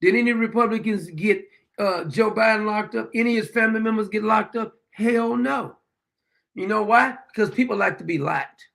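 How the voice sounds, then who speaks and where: A man's voice: high voice, normal speed, gravelly, a bit bright. A middle-aged man hosting his own show, delivering a blunt, combative political monologue and swearing freely. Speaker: show host.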